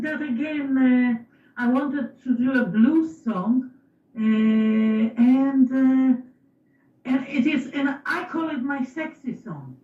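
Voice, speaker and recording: A woman musician being interviewed, polite and a little hesitant, with a slightly rough-edged voice. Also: high-pitched. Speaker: musician guest. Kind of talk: interview over a phone line. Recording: tinny, echoey phone line from far off.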